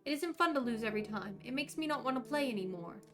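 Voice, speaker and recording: A woman's voice: a little high, expressive, fast, close to an everyday voice. Game read: a woman playing a hurt, stubborn little boy who whines his complaints. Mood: sulky. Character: sulky young Danish boy, hurt and stubborn.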